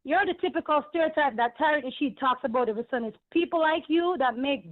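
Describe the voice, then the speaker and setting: A woman with a Caribbean accent calls in over a tinny phone line and holds forth at length. She is emphatic and indignant, and her high voice rambles from point to point. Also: fast. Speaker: caller. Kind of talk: call-in radio rant. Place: home in New York.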